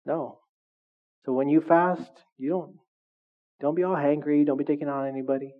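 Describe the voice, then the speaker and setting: A man's voice: a little high, level tone, moderate pace. A male pastor preaching a conversational sermon, often checking in with his listeners. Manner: conversational, keeps checking in with the congregation. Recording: dull lo-fi recording.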